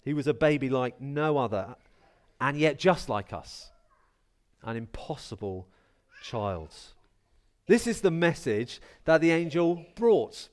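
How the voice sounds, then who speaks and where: A man preaching a lively sermon at a carol service, chatty and playful as he talks straight to the congregation. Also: a little high, slow pace. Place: church.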